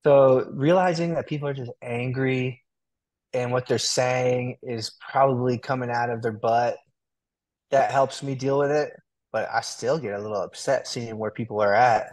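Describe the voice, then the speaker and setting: A young adult man as an interview guest, talking in a relaxed, chatty way full of "like" and "dude". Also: mid-range voice, normal speed. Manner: relaxed, talkative, fillers like "like" and "dude". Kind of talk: casual interview.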